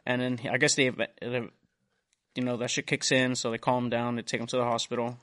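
A young man hosting a podcast tells a long story full of profanity, chatting casually and acting out what other people said. His voice is medium-pitched and his pace brisk.

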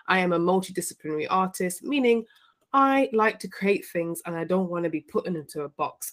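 A young adult woman with a Birmingham Midlands accent, chatting casually as a podcast guest, a bit self-deprecating. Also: on the low side. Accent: Birmingham, English Midlands. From England. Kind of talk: casual interview chat.

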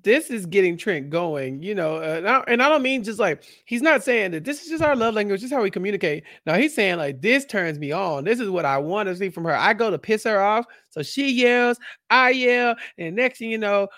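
A young man co-hosting a podcast, giving animated, slangy opinions in a casual TV recap. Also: sits high, a little fast, dry recording, clean studio sound. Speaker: podcast co-host.

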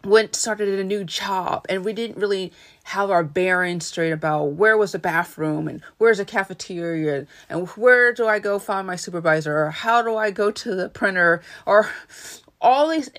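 A woman hosting a solo podcast, talking in an earnest, instructive way about communicating, with short pauses between her phrases. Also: medium pitch, fairly bright tone. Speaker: podcast host and coach. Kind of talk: solo motivational podcast talk.

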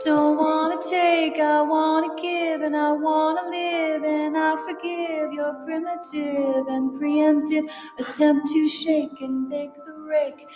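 An actress playing a brash, showy female singer, slowly singing a comic piano-bar number in a film. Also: high voice, level tone, darkish tone, lo-fi sound. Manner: slow, drawn-out comic singing. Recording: film audio with music and long roomy reverb. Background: piano music.

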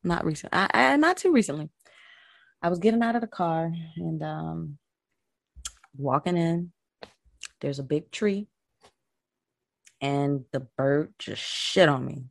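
A woman's voice: low voice, expressive, a little slow, creaky, long pauses, no room sound. A woman from Florida, a podcast host, chatting casually as a guest and telling stories with a laugh.

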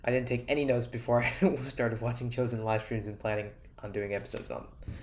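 A man hosting a casual solo podcast, rambling through asides, self-deprecating jokes and quick take-backs. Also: mid-range voice, fairly even intonation, a little mellow, slight background noise. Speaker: podcast host.

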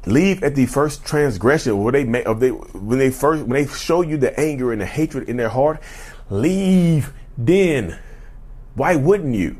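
A man with a Southern drawl speaks in a husky, slightly breathy voice at a middle pitch. He rants to his viewers bluntly and emphatically, cursing freely and tossing in y'all again and again. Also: expressive, a little slow, darkish tone. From North Carolina, US. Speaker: YouTube channel host. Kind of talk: unscripted rant to camera.

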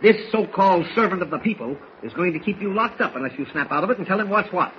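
Perry White, a bellowing hot-tempered editor. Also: male voice, high-pitched, lively intonation, quick pace. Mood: furious. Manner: bellowing, sputtering, colorful exclamations. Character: blustering middle-aged male newspaper editor, hot-tempered. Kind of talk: 1940s radio acting. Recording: dull old radio recording with faint hiss.

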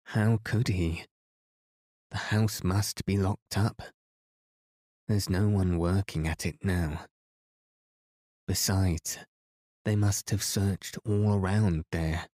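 A man's voice: low-pitched, steady tone, slow, long pauses, darkish tone, no room sound, clean studio sound. A man reading aloud, voicing a frightened, imaginative teenage girl who stammers and trembles.

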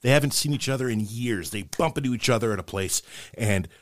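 A man's voice: mid-range voice, fast talker. A middle-aged man co-hosting a podcast, rambling and poking fun at himself as he tells dad jokes. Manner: rambling, self-mocking joke teller. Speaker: podcast co-host. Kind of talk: casual podcast chat, telling dad jokes.

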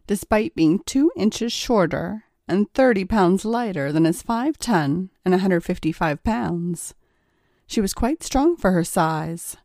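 A woman narrating an erotic story in a calm, measured storytelling manner. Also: mid-range voice, no room sound, clean studio sound.

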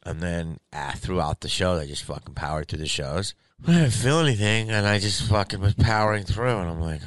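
Very deep-voiced, rambling, foul-mouthed comedian. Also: male voice, lively intonation, fairly quick, few pauses, dry recording. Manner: rambling and heavily profane. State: sick with covid. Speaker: stand-up comedian. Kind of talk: casual storytelling monologue.

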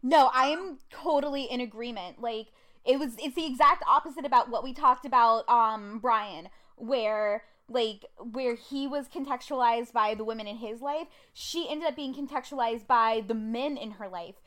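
A woman with a fairly high voice chatting on a comics podcast. She talks freely and fills her speech with "um" and "like". She sounds like a relaxed fan talking with friends. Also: normal speed. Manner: chatty, many fillers. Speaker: podcast co-host. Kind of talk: casual fan discussion.

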